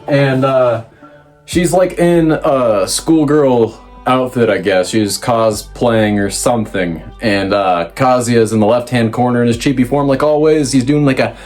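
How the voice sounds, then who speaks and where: A man hosting a casual manga review, rambling with fillers and restarts and jumping up in pitch when he quotes characters. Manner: lively, pitch jumps up when quoting characters. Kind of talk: casual recap commentary.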